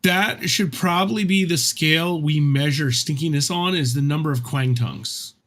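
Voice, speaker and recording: A man in casual podcast chat, talking in a slow, playful way. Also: a little high, a bit bright.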